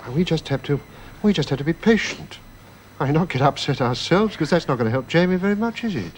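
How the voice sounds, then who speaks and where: A man playing a gentle, hesitant middle-aged father. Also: fairly high pitch, expressive, fast talker, slight background noise, natural voice. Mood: soothing. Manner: soothing, with hesitant restarts. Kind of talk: radio drama acting.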